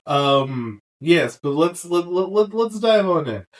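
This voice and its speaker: Sick, animated podcast co-host man. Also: high-pitched, far from the mic. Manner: animated, swearing, acts out characters in quick silly voices. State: sick for days. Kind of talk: casual recap chat.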